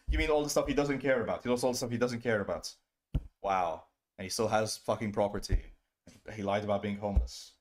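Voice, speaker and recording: A man ranting as a streamer host in stream commentary, profane and scornful, often mocking people in a whiny high voice. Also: quick pace.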